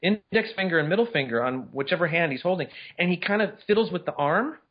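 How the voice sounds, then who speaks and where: A man co-hosting a casual movie chat, talking in excited, incredulous bursts with many restarts. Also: a little high, fast, breathy edge, dull audio. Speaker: podcast co-host.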